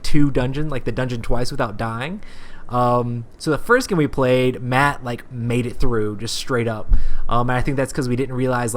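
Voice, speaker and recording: A man hosting a gaming podcast, explaining a game quickly and leaning on lots of fillers. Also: medium pitch. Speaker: podcast host. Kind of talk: casual chat.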